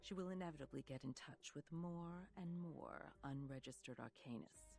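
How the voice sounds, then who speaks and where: Shrewd game boss lady, deep gravelly voice, stern and measured, soft music under it. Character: shrewd commanding female vice president.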